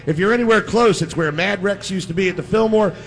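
A man hosting a live sports radio show from a restaurant, loud and joking. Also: high-pitched, quick pace. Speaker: radio host.

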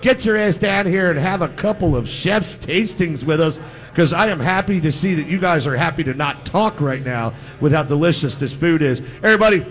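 A man hosting a live sports radio show from a restaurant, loud and joking. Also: fairly high pitch, expressive, brisk. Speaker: radio host.

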